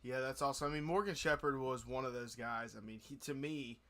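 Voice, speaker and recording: A man's voice: medium pitch, brisk, fairly bright tone. A man hosting a racing podcast, talking casually in long rambling thoughts with many restarts. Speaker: podcast host.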